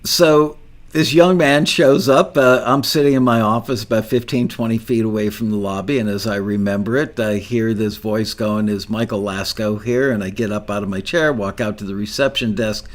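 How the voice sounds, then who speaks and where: A man's voice: fairly low pitch, normal speed. An older man hosting an interview, telling a long story in a rambling, self-deprecating way and laughing often. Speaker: podcast host.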